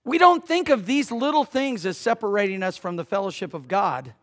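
A male pastor preaching a conversational sermon who banters with his congregation and swings between loud emphasis and hushed passages. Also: high voice, expressive, brisk.

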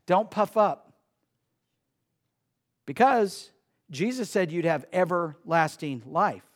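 Preaching man with a high voice. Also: animated, takes it slowly, long pauses. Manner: preachy, shifts between loud emphasis and quiet asides. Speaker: pastor. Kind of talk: sermon. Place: church sanctuary.

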